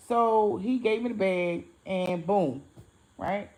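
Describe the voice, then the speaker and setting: A woman vlogger with a mid-range voice tells her viewers a story casually and a little slowly, animatedly acting out the voices in quotes and swearing freely. The recording quality is low.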